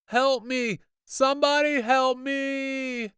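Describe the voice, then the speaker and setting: A man voicing a terrified young boy who cries out for help in high, panicked shouts. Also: steady tone, slow, clear, resonant tone, dry recording, clean studio sound, exaggerated voice.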